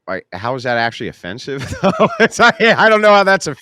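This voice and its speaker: A man's voice: a little high, huge pitch swings, fairly quick, pushed and bright, no echo, clean studio sound. A man hosting a casual political commentary show, sarcastic and questioning. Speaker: host.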